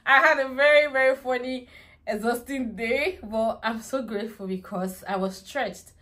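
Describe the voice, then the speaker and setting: A woman's voice: on the high side, moderate pace, sharp tone. A young woman, a mother telling a dramatic story about her toddler in a casual vlog, often laughing and going into prayerful asides.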